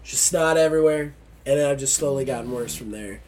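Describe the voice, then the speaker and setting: A man's voice: medium pitch, a little fast, a little mellow. A man hosting a gaming podcast, sounding sick and stuffy, grumpy and blunt, swearing casually. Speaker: podcast host. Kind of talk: casual chat.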